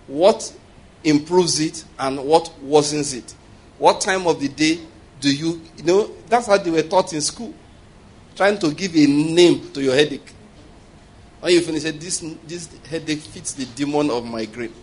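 A man's voice: fairly high pitch, a little slow, darkish tone, slightly rough. A man preaching a sermon with humor, often laughing and calling for responses from the congregation.

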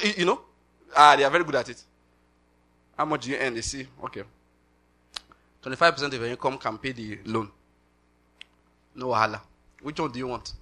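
A middle-aged Nigerian man preaching a sermon with animated delivery, slipping into pidgin asides and laughing. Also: mid-range voice.

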